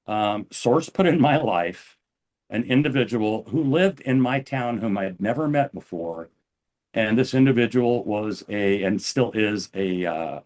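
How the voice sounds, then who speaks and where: An older American man, an interview guest, telling his personal story calmly, often stopping and restarting his sentences. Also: medium pitch. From United States. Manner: calm, halting, with frequent restarts.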